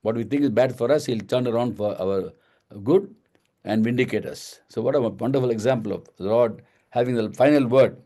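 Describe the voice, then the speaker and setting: A man's voice: mid-range voice, fairly quick, mellow. A man leading a Bible study, explaining verses one at a time, repeating phrases and asking and answering his own questions.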